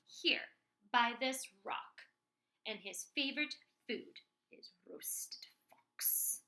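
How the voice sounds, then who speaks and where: A woman's voice: fairly high pitch, very slow, bright, forceful tone, full character voice. A woman voicing a small clever brown mouse in a storybook read-aloud, polite and bluffing.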